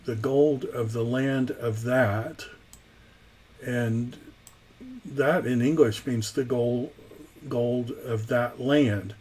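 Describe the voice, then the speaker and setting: A man gives a recorded grammar lesson at a slow, unhurried pace. His voice is a little husky, sitting at a middle pitch, and he often stops on ums and uhs between phrases. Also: a little mellow. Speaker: Greek teacher. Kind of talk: recorded lecture.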